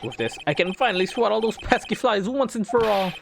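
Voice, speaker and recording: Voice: mid-range voice, lively intonation, brisk, vocal fry, pitched above the performer's own voice. A player reading game dialogue aloud, voicing a boastful, vindictive man doctor over game music. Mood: smug.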